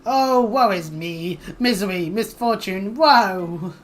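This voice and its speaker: A woman voicing a blunt, rough-talking adventuring woman who scolds with old-fashioned "ye" speech. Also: medium pitch, lively intonation, takes it slowly. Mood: brash. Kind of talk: reading game dialogue aloud.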